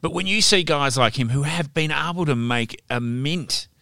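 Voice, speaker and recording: A man's voice: fairly high pitch, moderate pace, sharp tone, no room sound, clean studio sound. A male podcast host asking interview questions with hesitant, searching phrasing.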